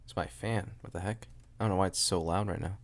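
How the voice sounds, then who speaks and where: A man's voice: low voice, fairly even intonation, fast. A young man hosting a solo podcast from home, rambling and joking at his own expense, often trailing off and restarting. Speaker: podcast host. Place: room at home with a loud air conditioner.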